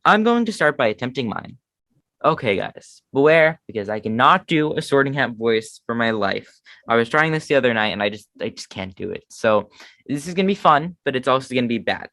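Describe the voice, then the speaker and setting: American guy cohost, jokey and down on himself, bouncy pitch, dry mic. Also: brisk, dry recording. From United States. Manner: self-deprecating, animated, lots of fillers. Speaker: podcast co-host. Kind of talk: casual chat.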